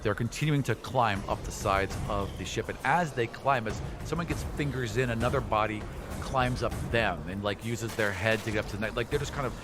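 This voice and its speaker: A man's voice: fairly low pitch, fairly quick, over music. A man narrating a tabletop game as game master, painting gory scenes in a casual way. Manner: vivid, gory scene-setting with casual fillers.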